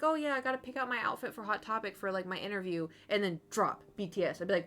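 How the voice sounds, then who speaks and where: A woman's voice: medium pitch, lively intonation, moderate pace, fairly bright tone. A young adult woman streamer in casual live-stream chat, telling stories with acted-out quotes and frequent laughs. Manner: chatty storytelling, acts out quoted voices, swears and laughs.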